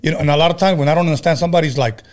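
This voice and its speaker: A man's voice: on the high side, rapid-fire. A man hosting a casual chat show, loose and profane, telling stories with many stumbles and restarts. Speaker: podcast host.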